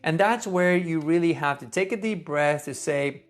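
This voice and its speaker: A man, a neonatologist, giving earnest, conversational teaching advice in a gentle tone. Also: on the high side, moderate pace, hardly any pauses. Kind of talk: casual teaching talk.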